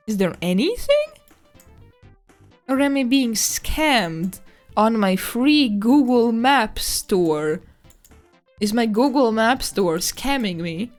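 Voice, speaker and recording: In a fairly high-pitched voice, a woman chats casually and excitedly on a live stream as she explores a map. She squeals at animals and swears now and then.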